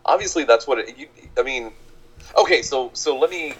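A man's voice: mid-range voice, moderate pace, lo-fi sound. A man co-hosting a podcast, talking in a thoughtful, hedging, analytical way. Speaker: podcast co-host. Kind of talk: casual chat.

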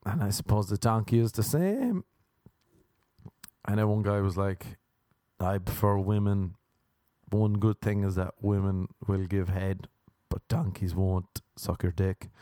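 A man hosting a comedy podcast, rambling through a crude, self-mocking monologue full of quick put-on voices. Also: fairly low pitch, dark tone, no echo, studio quality.

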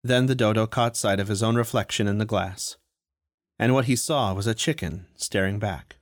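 A man reading a story aloud in a steady, even storytelling manner. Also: lowish voice, moderate pace, dry recording, studio quality. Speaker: audiobook reader. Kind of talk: storytelling narration.

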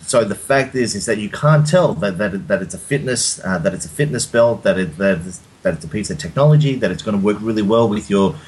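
Husky Australian man, casual chat. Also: lowish voice, animated, a little fast, few pauses, darkish tone, poor audio. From Sydney, Australia. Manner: repeats and restarts words often, says "mate" and "man". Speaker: podcast co-host.

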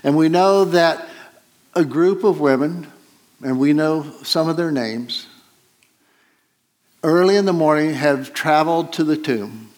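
A man preaching a Sunday sermon in a slightly high voice. He retells the story at an unhurried, halting pace, with frequent pauses and fillers. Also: darkish tone.

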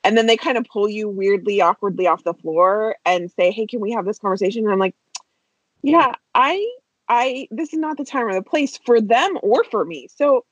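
A woman co-hosting a podcast in casual chat, chatty and quick to laugh. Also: mid-range voice, slightly rough, no echo, dull audio. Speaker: podcast co-host, practice manager.

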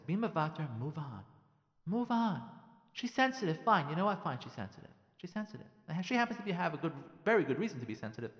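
A man gives marriage advice as a rabbi, his voice sitting a little high for a man. He talks emphatically, hammering points by repetition and acting out spouses' lines. A long reverb hangs behind him. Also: a bit bright. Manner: emphatic, repeats phrases, acts out spouses' lines. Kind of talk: radio talk on marriage.

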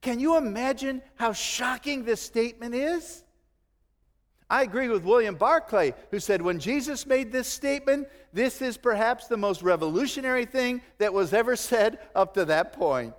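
A middle-aged man preaching a sermon, animated, acting out quotes and chuckling now and then. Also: very high-pitched, normal speed, long reverb tail. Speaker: pastor.

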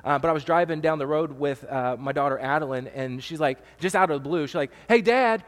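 High-voiced emotional pastor in a reverberant hall. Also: male voice, fairly even intonation, fast. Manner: conversational and emotional, with frequent fillers and restarts. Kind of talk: sermon. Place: church stage with long reverb.

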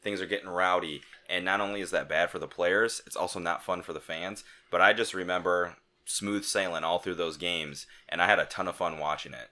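Deep-voiced podcast host with a bright tone. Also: male voice, steady tone, a little fast, hardly any pauses. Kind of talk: casual chat with scripted intro.

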